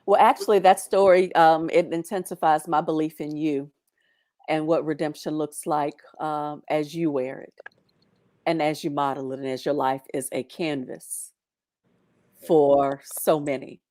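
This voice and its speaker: A woman's voice: sits low, fairly even intonation, measured pace, warm tone, no room sound, clean studio sound. A woman hosting an online interview over a video call, speaking in an effusive, responsive way. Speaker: host.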